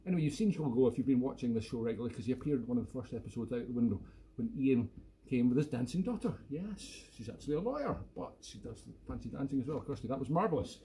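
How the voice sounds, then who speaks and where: Playful Scottish man, lively voice. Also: mid-range voice, quick pace. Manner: playful, jokey and self-mocking. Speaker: accordion player hosting a weekly live show. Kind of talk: casual chat between tunes. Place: at home.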